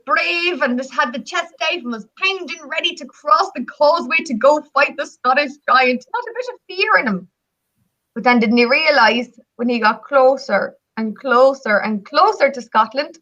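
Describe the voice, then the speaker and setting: A woman with a Northern Irish accent, telling folk tales and talking travel as a radio show guest, lively and chatty. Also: sits high, normal speed, highs cut off. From Northern Ireland. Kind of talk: radio talk show storytelling and pitch.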